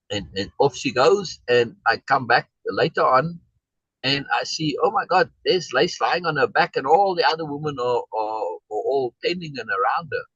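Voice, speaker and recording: Husky-voiced guy rambling through a story for his discussion group, lively up and down pitch, says "right?" a lot, dry muffled audio. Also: moderate pace, no echo. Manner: rambling, with many restarts and tag questions like "right?"; acts out quoted exchanges in a raised voice.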